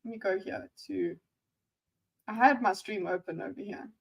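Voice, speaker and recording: A woman's voice: medium pitch, normal speed, vocal fry, breathy edge, dull audio. A woman in her thirties, a streamer giving sarcastic, teasing live reaction commentary. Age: 30s.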